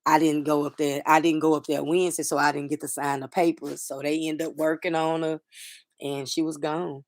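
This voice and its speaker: A middle-aged woman hosting a casual livestream chat, talking softly and sadly to viewers, rambling with fillers and restarts. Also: low-pitched, little pitch movement, a little fast, no room sound, clean studio sound. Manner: soft-spoken, grieving, rambling with fillers and restarts. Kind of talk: casual personal talk to viewers.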